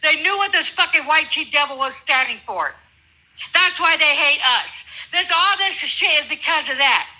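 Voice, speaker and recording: High, bright-voiced older woman, profane and combative. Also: lively intonation, normal speed, poor audio. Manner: profane, confrontational, blunt. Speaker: guest. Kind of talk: heated livestream debate.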